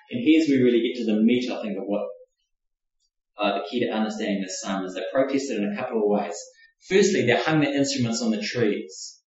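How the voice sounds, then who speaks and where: Male preacher, mid-pitched, thoughtful, chatty teaching sermon; distant mic in a very echoey room. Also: darkish tone, dull audio. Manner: reflective, conversational, with frequent hedging fillers.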